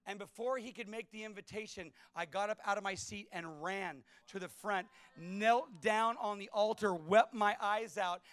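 A middle-aged male pastor with a fairly high voice preaches with lively storytelling. He swings from loud, punchy lines to quiet, intimate asides. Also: normal speed, few pauses, clear, resonant tone. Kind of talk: sermon with personal stories.

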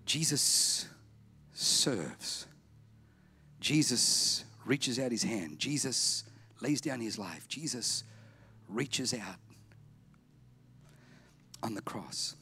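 A man preaching a sermon, emphatic and repetitive, slowing down and softening for effect. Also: mid-range voice, lively intonation, creaky, slightly rough. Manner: emphatic, repetitive, drops to slow quiet lines for effect. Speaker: pastor.

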